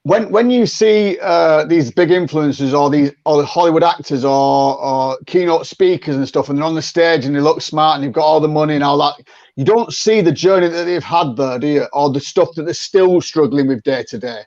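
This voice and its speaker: A man's voice: a little high, moderate pace, a little mellow, no echo, muffled recording. A man, a sales coach talking as a podcast guest in a chatty way, often repeating words as he restarts and acting out sample phone calls. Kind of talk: conversational interview.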